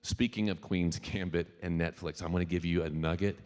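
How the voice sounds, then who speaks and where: A deep-voiced man from Louisiana, a singer-songwriter billed as the featured speaker, works the room in a conversational keynote before a live audience. His delivery is quick and fairly even, a little mellow and clean, full of jokes, tangents, direct asides to the crowd and free swearing. The venue PA leaves a long hall reverb.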